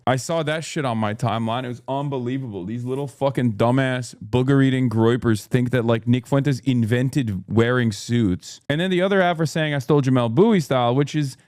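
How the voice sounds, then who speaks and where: Male streamer, 30s, mid-pitched, blunt and profane casual rant to his chat, dry close mic. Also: darkish tone, clean tone, no echo.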